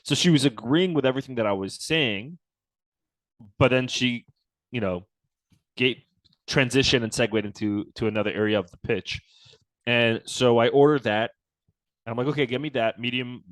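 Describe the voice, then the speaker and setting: A company founder tells a story from his own life in a casual interview, speaking at normal speed with frequent pauses and no echo. He's a relaxed storyteller who acts out the quoted dialogue with lively jumps in pitch.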